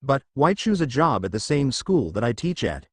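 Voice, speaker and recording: A man reading a joking young husband and teacher in a storybook, quick to complain. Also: medium pitch, sing-song, husky, no echo, studio quality. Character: wisecracking young married teacher, a bit whiny.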